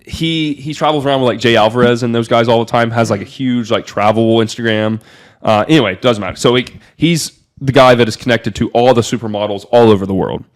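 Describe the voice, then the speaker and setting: A young man from Miami telling a rambling party story on a podcast, excitable, with a lot of filler "like". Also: medium pitch, a little fast. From Miami, USA. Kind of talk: casual storytelling.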